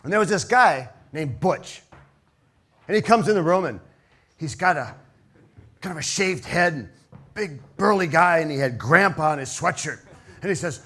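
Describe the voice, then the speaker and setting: High-voiced man telling a story on stage. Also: normal speed, pauses often. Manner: animated, conversational, drops soft for sad moments. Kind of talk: live storytelling performance. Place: theater stage with live audience.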